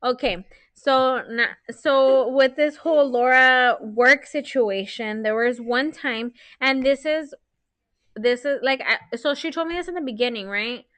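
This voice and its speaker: A woman in her thirties, co-hosting a casual podcast chat, telling stories in an animated way and swearing freely. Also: sits high, measured pace, no room sound. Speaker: podcast co-host.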